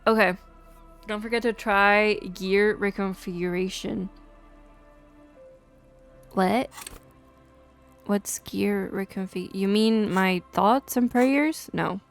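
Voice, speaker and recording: A woman's voice: mid-range voice, takes it slowly, pauses often, faint music behind. A woman streaming a video game, chatting casually, giggling often and swearing freely.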